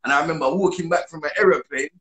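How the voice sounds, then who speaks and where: A man from Jamaica with a Jamaican accent, talking in a casual, lively interview as a dancehall artist guest. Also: a little high, racing. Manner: lively, animated patois-laced talk.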